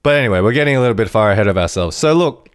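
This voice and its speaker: Brief: male podcast host, chatty animated reviewer, rambling, dry recording. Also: on the low side, very fast, smooth, no room sound. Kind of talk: casual TV episode review.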